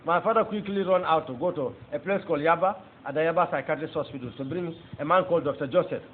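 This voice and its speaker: Fast, fervent Nigerian man testifying. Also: on the high side. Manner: emphatic, repeats phrases, addresses listeners as brothers and sisters. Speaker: testifying convert. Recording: tinny phone-like audio with faint background noise.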